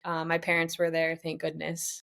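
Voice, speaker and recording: A woman in her twenties, a professional triathlete, speaks in a low, slightly bright voice with vocal fry, her delivery completely flat at a moderate pace. She's candidly recounting a tough race in a podcast interview, quoting herself and others as she goes.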